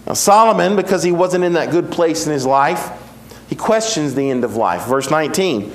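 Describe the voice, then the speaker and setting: A man's voice: on the high side, lively intonation, moderate pace. Earnest man preaching in an echoey hall. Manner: earnest, emphatic preaching with repeated phrases. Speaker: pastor. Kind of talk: sermon.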